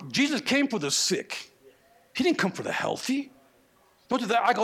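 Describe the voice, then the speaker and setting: A man preaching a sermon, animated, with slangy asides and acted-out quotes. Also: extremely high pitch, normal speed, pauses often, slightly rough. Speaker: pastor.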